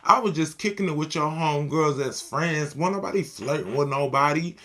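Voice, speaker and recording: A woman acting out a laid-back young man who gets defensive, with a lowered, drawling voice. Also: normal speed, fairly bright tone. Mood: annoyed. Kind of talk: storytime reenactment.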